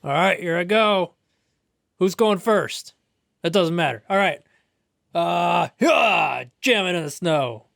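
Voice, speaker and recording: Gravelly dude playing a tabletop game, eager, dry close sound. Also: male voice, high voice, measured pace, pauses often, fairly bright tone, no room sound. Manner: eager, laughing. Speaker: player.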